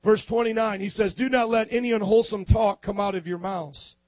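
A man with a high voice preaches in a fervent sermon and swells into shouting on his strongest points. The sound is dry and slightly dull. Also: steady tone, brisk, no echo. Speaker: pastor.

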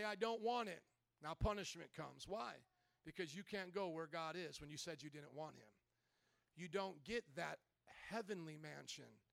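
High, gravelly-voiced preacher, dry close sound. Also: male voice, dry recording. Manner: animated preaching, acting out quoted voices, swings from loud to hushed; jokey asides to the congregation. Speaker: pastor. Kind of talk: sermon.

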